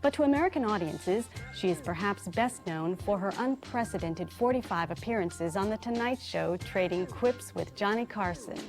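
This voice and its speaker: A woman delivers scripted narration for a cultural TV magazine. Her delivery is polished and her pitch is mid-range. Soft music plays faintly behind her. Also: animated, normal speed, hardly any pauses. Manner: polished, smooth presenter delivery.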